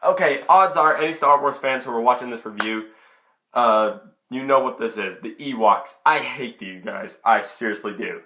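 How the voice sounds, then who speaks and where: A man's voice: medium pitch, moderate pace, slight background noise. A young man giving a casual, chatty film review into his camera. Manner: chatty, excitable, many restarts. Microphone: camera mic.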